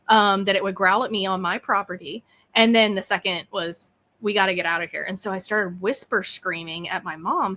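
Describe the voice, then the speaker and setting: Bright-voiced woman telling a story. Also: mid-range voice. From East Texas. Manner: animated, acts out quoted dialogue. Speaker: podcast host and guest. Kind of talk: casual interview storytelling.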